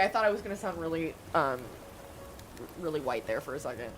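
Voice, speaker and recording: A woman's voice: deep voice, big pitch swings, fast, slight background noise. A woman from the United States chatting casually while she livestreams a video game. She rambles, pokes fun at herself, and fills her sentences with "um" and "like". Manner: chatty, rambling, self-deprecating, many fillers. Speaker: gaming livestreamer. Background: game music.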